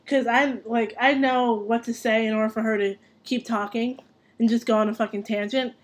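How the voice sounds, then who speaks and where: A young adult woman telling a story in casual chat. She is animated and profane and laughs as she talks. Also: on the high side, normal speed.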